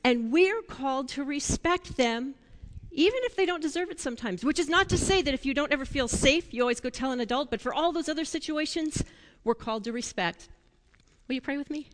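High-pitched lady doing a kids' sermon, playful, lots of questions, echoey church. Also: a little fast. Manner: animated, playful storytelling with questions to children. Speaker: children's sermon leader. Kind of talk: children's sermon.

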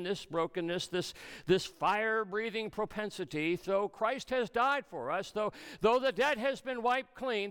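A male pastor preaching a sermon, swinging between soft, low passages and raised, emphatic ones. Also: clear, resonant tone.

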